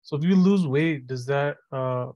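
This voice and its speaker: A man's voice: medium pitch, a little slow, warm tone, no room sound, lo-fi sound. A male student asking his teacher a question, hesitant and with fillers.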